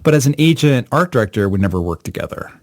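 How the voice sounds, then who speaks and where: A middle-aged man with a Baltimore accent hosting an interview podcast, excitable and quick to exclaim. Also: dry recording, studio quality. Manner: excitable, exclamatory, jumps high in pitch when surprised. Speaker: podcast host. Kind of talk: casual interview chat.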